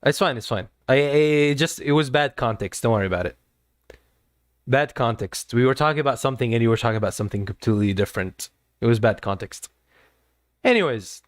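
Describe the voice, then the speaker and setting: A man's voice: mid-range voice, brisk, no room sound, studio quality. A man streaming live, talking to his chat in an earnest, lecturing way and often repeating himself. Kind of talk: casual livestream talk to chat.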